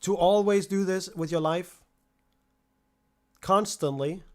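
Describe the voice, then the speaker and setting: A man's voice: high-pitched, takes it slowly, darkish tone. A young man livestreaming, ranting in a profane, exasperated way and mocking the people who harass him. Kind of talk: angry rant on a livestream.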